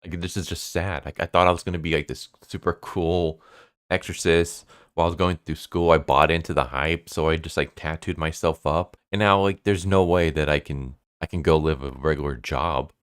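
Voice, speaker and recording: A man's voice: rumbling low, steady tone, moderate pace, smooth, dry recording, clean studio sound. A man doing a whiny, cowardly teen exorcist. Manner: whiny, self-pitying. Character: timid teen boy exorcist, cowardly, weepy.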